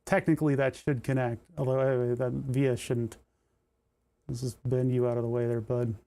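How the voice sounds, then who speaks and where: A man's voice: mid-range voice, flat delivery, moderate pace, warm tone. Rambling man chatting while soldering. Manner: rambling, joking asides, thinking aloud. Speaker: livestream host building electronics. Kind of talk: casual livestream chat while soldering.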